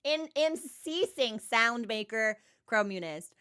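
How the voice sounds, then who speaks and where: Woman streamer, high voice, chatty and animated, lots of filler words. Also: slow, clear, resonant tone. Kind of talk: casual chat.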